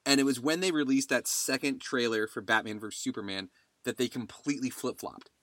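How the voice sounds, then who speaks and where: A man's voice: medium pitch, brisk, fairly bright tone, dry recording. A man hosting a podcast in casual chat, telling stories animatedly and laughing along the way. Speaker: podcast host.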